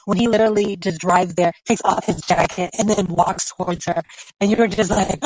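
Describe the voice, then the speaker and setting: A woman's voice: medium pitch, fairly even intonation, normal speed, a little mellow, dry recording. A woman calling in to a podcast, chatting casually and gushing with laughs and gasps. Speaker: caller. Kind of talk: casual chat. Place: closet. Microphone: phone app call.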